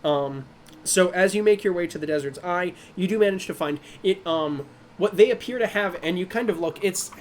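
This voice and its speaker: Man, game master, high voice, rambling, lots of fillers, faint noise behind. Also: moderate pace. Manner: rambling, filler-heavy, laughing often. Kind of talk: narrating a tabletop game.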